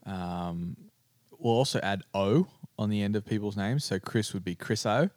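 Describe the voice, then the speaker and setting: Low-voiced Australian man chatting. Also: moderate pace, no room sound. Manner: relaxed, chatty, with frequent fillers and restarts. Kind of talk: casual chat.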